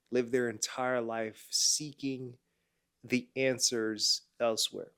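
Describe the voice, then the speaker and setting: A young man in his mid-twenties talks straight to the camera with a stuffed-up, nasal voice. His delivery is casual and slangy, sprinkled with bro and man, and it swings between loud pushes and quiet asides. His pitch sits in an ordinary middle range for a man. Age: 20s. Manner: slangy and emphatic, often saying bro and man. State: congested, nasal voice. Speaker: clothing brand owner and entrepreneur. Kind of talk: casual motivational talk to camera.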